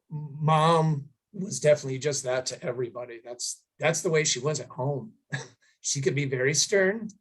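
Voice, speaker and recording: A middle-aged man, emotional, telling a heartfelt family story at a tribute, halting with many fillers. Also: medium pitch, rough recording. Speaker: son giving a memorial tribute. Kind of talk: personal storytelling at a gathering.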